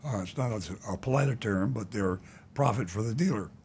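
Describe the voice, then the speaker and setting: A man's voice: on the low side, normal speed, a little mellow, a little hiss or hum. An older man hosting a call-in talk show, speaking bluntly and indignantly and rambling with many filler sounds. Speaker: talk show host, car dealer.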